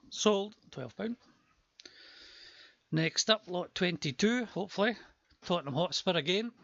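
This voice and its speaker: A man's voice: high voice, creaky, fairly bright tone, dry recording, lo-fi sound. A man calling a live auction stream, chatty with joking asides, his voice worn from a long day before.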